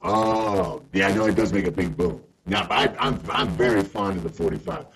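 A man with a very low, gravelly voice talks in a relaxed, unhurried way. He pauses and restarts his sentences as he gathers his thoughts. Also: low-quality recording. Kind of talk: casual chat.

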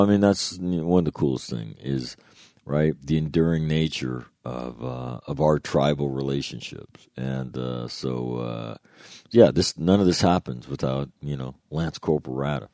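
Very deep-voiced man telling war stories. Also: unhurried, no echo, studio quality. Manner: profane, laughing, animated retelling. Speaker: former Marine. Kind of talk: casual storytelling.

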